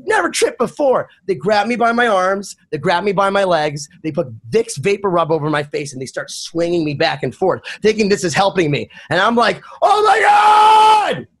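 Animated storytelling man, lively pitch. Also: fairly quick, hardly any pauses. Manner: lively storyteller, swings pitch for quoted friends. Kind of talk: casual chat, animated storytelling.

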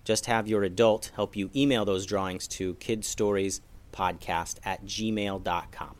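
A man's voice: lowish voice, a little slow. A man reading a children's bedtime story aloud as the host of a kids' story podcast. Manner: gentle, expressive, storytelling.

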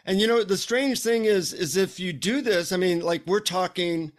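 A man's voice: sits high, normal speed. A man, a psychotherapist guest, telling humorous stories in a casual interview over a remote call. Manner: humorous, animated storyteller.

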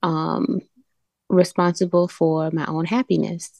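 A woman calling in to a program, calmly and reflectively sharing what she has learned. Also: on the low side, vocal fry, no room sound. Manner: calm, reflective, slow. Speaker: caller. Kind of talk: call-in reflection.

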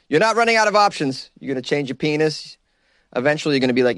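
A man's voice: a little high, expressive, quick pace, a bit bright, dry recording, studio quality. A man hosting a podcast, giving loose comedic commentary, laughing often and mocking quotes in silly voices. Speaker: podcast host.

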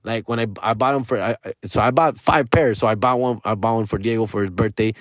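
A man in a loose, profane rant, dropping Spanish phrases as he goes. His pitch swings high and low from line to line. The sound is close and dry, with no room around it. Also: fast, dry recording. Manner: profane slangy talk, switching into Spanish phrases; animated, pitch jumping up and down. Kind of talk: casual rant.

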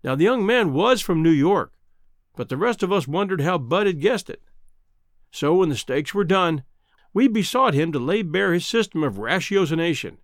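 A man narrating a classic story in an expressive storytelling manner. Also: high-pitched, moderate pace, no room sound, studio quality. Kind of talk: audiobook narration.

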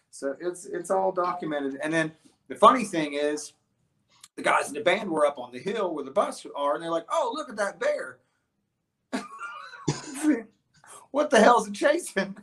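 Rambling, animated male storyteller. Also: fairly high pitch. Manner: rambling, animated storyteller with many restarts and fillers. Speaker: guest musician. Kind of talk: casual interview storytelling.

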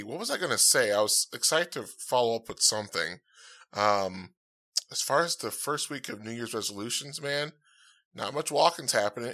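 A podcast host, male, talks into a dynamic podcast mic with a mid-range voice that sounds pushed and bright. His chat is casual and rambling, upbeat and packed with fillers.

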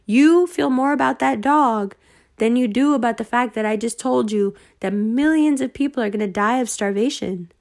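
A woman's voice: a little high, vocal fry. Heated, profane woman ranting. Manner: heated, sarcastic, profane, rising to near-shouts. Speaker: online commentator. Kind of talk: ranting monologue to followers.

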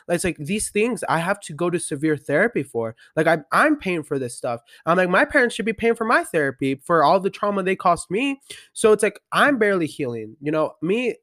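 A man's voice: a little high, fairly bright tone, dry recording, clean studio sound. A nineteen-year-old man speaking candidly in a personal confessional monologue, full of fillers and blunt statements. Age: young adult. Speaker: podcast host.

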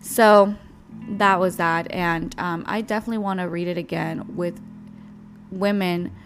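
A woman's voice: fairly low pitch, fairly even intonation, unhurried. Blunt, profane young woman over guitar music. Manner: blunt, slangy, profane storytelling. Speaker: podcast host. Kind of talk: casual solo podcast monologue. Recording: guitar music playing under the voice.

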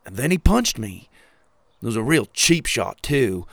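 A man's voice: medium pitch, very animated, unhurried, gravelly, fairly bright tone, no echo, full character voice. A man voicing a timid young boy who is hurt and defensive. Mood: aggrieved. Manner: defensive, pleading.

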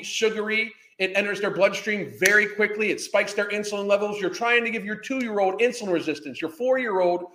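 High-pitched guy ranting and swearing nonstop, echoey room sound. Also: fairly bright tone. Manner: angry, swearing, insulting. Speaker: commentary channel host. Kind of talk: profane reaction rant.

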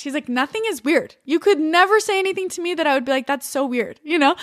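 High-voiced chatty young woman. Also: quick pace, hardly any pauses. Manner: chatty, animated, lots of "like" and "you know". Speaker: podcast guest. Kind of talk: candid personal storytelling.

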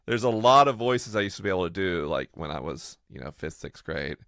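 A man co-hosting a podcast in casual, playful chat, often trailing off low and quiet at the ends of phrases. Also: lively intonation, a little fast, no room sound, studio quality. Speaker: podcast co-host.

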